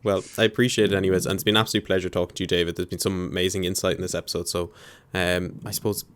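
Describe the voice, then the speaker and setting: A young man hosts a podcast interview, courteous and somewhat halting as he searches for words. His voice is very low, and the recording is dry and close. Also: flat delivery, a bit bright, clean tone, no room sound. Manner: hesitant, polite, many fillers. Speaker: podcast host. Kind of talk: interview hosting.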